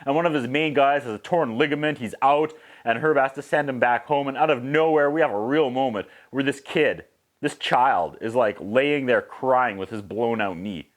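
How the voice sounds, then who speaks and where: A man from Canada, casually recapping a movie as a reviewer, lively and mimicking sound effects. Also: medium pitch, moderate pace. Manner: animated, mimics whistles and acts out quotes.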